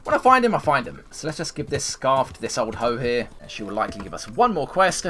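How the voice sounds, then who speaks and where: A man's voice: medium pitch, very animated, fairly quick, fairly bright tone. A man streaming a medieval role-playing game, muttering asides and talking back to the characters on screen. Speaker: gaming streamer. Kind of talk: let's play commentary.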